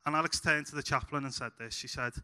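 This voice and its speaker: Scouse male preacher, joking storyteller with lots of "uh"s, sharp bright tone. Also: medium pitch, quick pace, clear, resonant tone. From Liverpool, England. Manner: humorous storytelling with frequent "uh" fillers. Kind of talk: sermon.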